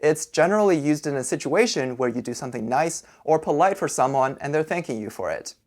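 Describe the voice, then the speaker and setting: A man teaching a language lesson, who explains each sound patiently and slowly repeats syllables so they can be copied. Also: fairly high pitch, expressive, darkish tone.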